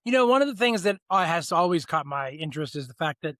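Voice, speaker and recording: A man co-hosting a casual podcast, talking in a reflective, musing way and giving measured opinions. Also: on the high side, very animated, fairly bright tone, dry recording, clean studio sound. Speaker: podcast co-host. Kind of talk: casual conversational podcast chat.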